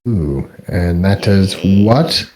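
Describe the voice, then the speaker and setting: A man narrating as game master of a tabletop game, halting and searching for words. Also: low voice, animated, darkish tone, poor audio. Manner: halting, full of ums and restarts.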